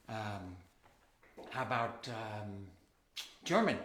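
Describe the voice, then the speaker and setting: A man's voice: a little high, animated, normal speed, a bit bright. A man hosting a live family concert from home, playfully coaxing children to repeat greetings after him. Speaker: children's singer and concert host. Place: at home in California. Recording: roomy sound with faint guitar.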